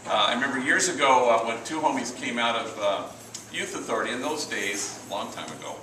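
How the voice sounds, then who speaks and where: Middle-aged male priest, lively anecdotal storyteller, mid-pitched; recorded from afar in a noisy, echoing hall. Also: brisk, recorded from a distance. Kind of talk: storytelling talk to an audience. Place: large room with a live audience.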